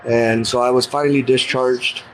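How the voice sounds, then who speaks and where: Middle-aged man, earnest and plain-spoken, mid-pitched voice, telling his own story, faint hiss behind. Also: flat delivery, moderate pace, rough recording. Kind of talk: casual personal storytelling.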